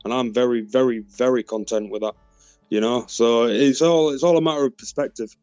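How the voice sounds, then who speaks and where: A man's voice: mid-range voice, steady tone, brisk, darkish tone, clean tone, dry recording, dull audio, soft background music. A man with a British accent chatting casually in a group voice chat, laid-back and saying "mate" often. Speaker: voice chat participant.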